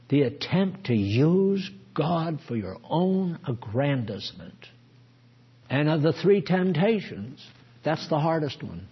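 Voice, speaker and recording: Husky-voiced male preacher. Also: a little high. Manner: emphatic, swings between hushed and forceful. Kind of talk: sermon. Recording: dull lo-fi recording.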